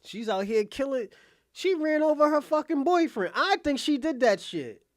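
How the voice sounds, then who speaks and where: High-voiced blunt man ranting. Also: lively intonation, normal speed, no echo, studio quality. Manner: blunt and profane, repeats that he is being honest; laughs between lines. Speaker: online commentator. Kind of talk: casual rant to viewers.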